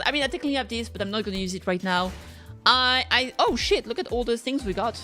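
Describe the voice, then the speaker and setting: A woman streamer chats with her viewers in a bright, high voice, bubbly and playful, poking fun at herself. Soft game music plays faintly behind her. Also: lively intonation, brisk. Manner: bubbly, playful, self-mocking, chatting with viewers. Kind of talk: casual gaming livestream chat.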